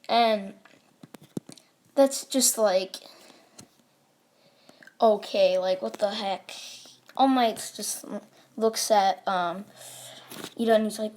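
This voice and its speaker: A woman's voice: medium pitch, steady tone, slow, long pauses, darkish tone. A woman telling a fan story in a loose, rambling way, stringing it together with "like" and "um". Her delivery is casual and unscripted. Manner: rambling, full of "like" and "um" fillers. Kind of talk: casual fan-fiction retelling.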